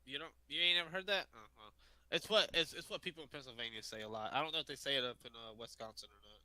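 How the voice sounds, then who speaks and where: A man's voice: mid-range voice, quick pace, bright, forceful tone, dry recording, low-quality recording. A man from the US South co-hosting a casual podcast, rambling and joking with lots of fillers. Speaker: podcast co-host.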